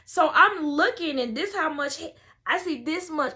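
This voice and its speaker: A woman, a doula telling a story to camera in a lively way and acting out the voices of the people in it. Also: sits high, moderate pace.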